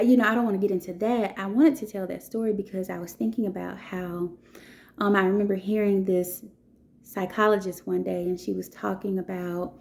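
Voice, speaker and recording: Mellow-voiced woman telling a story. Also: mid-range voice, vocal fry. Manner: chatty, with frequent "you know" and "okay?". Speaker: vlogger. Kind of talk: casual storytelling monologue.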